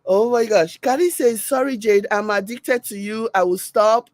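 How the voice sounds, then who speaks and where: A woman's voice: mid-range voice, moderate pace, few pauses, darkish tone, no room sound. A woman with a Nigerian accent hosting a casual live stream, reading viewer comments aloud and laughing often. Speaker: commentary host reacting to a video and reading live chat.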